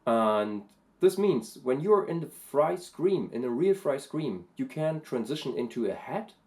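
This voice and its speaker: A man talking through a casual vocal lesson, thoughtful and hesitant, with many pauses and fillers. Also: mid-range voice, big pitch swings, a little mellow. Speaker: vocal coach and vlogger.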